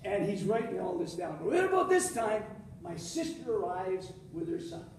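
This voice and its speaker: An older man with a high, lively voice delivers a humorous speech, acting out what each person says. He sounds distant, and a big hall echoes around him. Faint noise sits behind his voice. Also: normal speed. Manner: storytelling with lively acted quotes. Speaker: contest speaker. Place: large hall with an audience. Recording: echoey hall, speaker far from mic.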